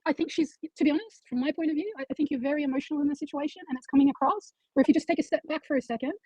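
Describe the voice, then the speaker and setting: A woman calling into an online audio chat room, stammering a little while appealing for calmer talk. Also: sits high, rapid-fire, no room sound. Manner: hesitant, stammering, conciliatory. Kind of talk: measured appeal for calm. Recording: dull lo-fi audio.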